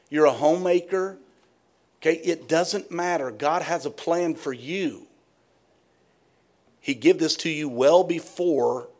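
Middle-aged guy preaching, jokey and folksy, voice sits a bit high. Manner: folksy, joking, addresses the congregation directly. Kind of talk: sermon.

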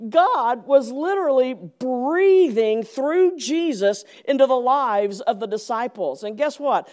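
A woman preaching to her congregation, her high voice leaping up and down with animated emphasis. She takes her time, drawing out phrases and lingering on key words as she reads scripture with playful drama. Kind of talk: sermon.

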